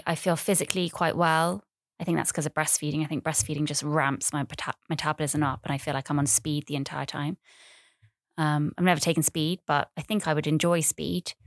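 A woman's voice: low-pitched, no echo, studio quality. A woman in her thirties hosting a podcast, talking in a rambling, chatty, self-deprecating way and repeating phrases. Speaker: podcast host. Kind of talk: casual solo podcast monologue.

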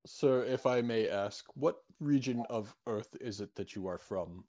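A slimy alien crewman stammers through politely awkward questions, as a man improvises him. His voice sits at a middle pitch. His many restarts and hesitant little pauses come through on every line. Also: dark tone, highs cut off, lightly acted. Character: slimy alien crewman who reads crew mail. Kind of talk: improvised sci-fi role-play.

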